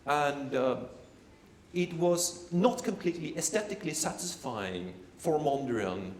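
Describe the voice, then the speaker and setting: A man in his forties lectures art students in a loose, halting way, restarting and repeating himself as he goes. His pitch sits a little high and swings widely. The room sounds big and echoey. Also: expressive, slight background noise. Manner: halting, restarts and repeats phrases, addresses audience directly. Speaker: performance lecturer.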